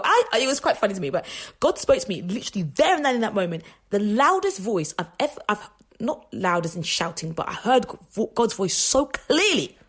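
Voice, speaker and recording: A woman hosting a faith radio show, telling personal stories in a chatty, rambling way with frequent laughs and restarts. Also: mid-range voice. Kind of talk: casual faith talk monologue.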